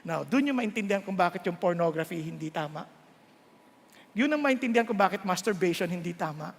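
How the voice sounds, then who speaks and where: A man's voice: high-pitched, animated, quick pace, creaky, husky, in a large hall. A man with a Filipino accent preaching a sermon. He mixes English and Tagalog and keeps checking in with the congregation.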